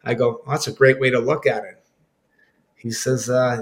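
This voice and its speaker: A man who is a former hockey player, reminiscing in an interview. He repeats words often and talks in halting bits. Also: medium pitch, level tone, faint music behind. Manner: halting, repeats words, acts out quoted exchanges.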